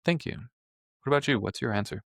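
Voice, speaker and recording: A man therapist co-hosting a podcast, chatting casually in a measured, thoughtful way. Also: medium pitch, animated, vocal fry, fairly bright tone, dry recording, studio quality.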